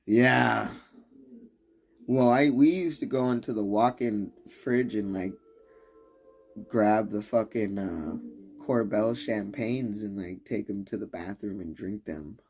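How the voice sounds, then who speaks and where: A man's voice: lowish voice, slow, darkish tone, husky. Rambling, profane male livestreamer. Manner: rambling, profane, laughs often. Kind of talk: casual live-stream rant.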